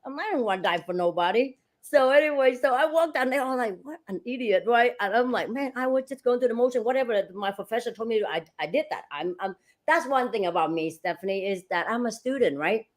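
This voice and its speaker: A middle-aged woman guest telling lively stories in an interview. She acts out the dialogue, laughs often, and speaks with non-native grammar. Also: on the high side, quick pace. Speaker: real estate broker and franchise owner, guest. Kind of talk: animated storytelling in an interview.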